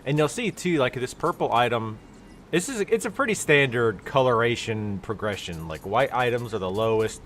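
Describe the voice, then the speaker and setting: A man's voice: medium pitch, expressive, moderate pace, a bit bright, a little hiss or hum. Stuffy-nosed guy streaming a game. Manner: rambling, explanatory, with many fillers. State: stuffy nose. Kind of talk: casual let's-play commentary.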